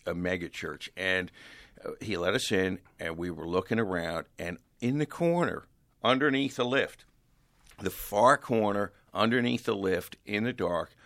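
Give me a man with a low but bright, forceful voice, a guest telling stories in a dry room. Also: measured pace, no room sound. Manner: relaxed anecdotal storyteller. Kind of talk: casual chat.

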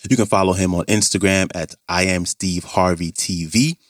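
A man's voice: sits low, moderate pace, no echo, clean studio sound. A man hosting, wrapping up the video with a casual outro and a few fillers. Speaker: channel host. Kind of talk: outro narration.

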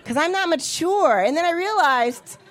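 A woman's voice: extremely high pitch, lively intonation, moderate pace. A woman in her thirties doing a profane, brash stand-up comedy set on a club stage, acting out the voices of other people. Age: 30s.

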